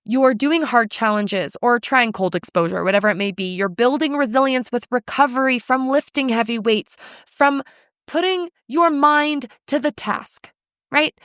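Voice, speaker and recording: A woman's voice: fairly high pitch, moderate pace, dry recording, clean studio sound. A young woman hosting a solo coaching podcast, talking bluntly and with energy. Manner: blunt, animated, casual swearing. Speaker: podcast host, nutrition coach.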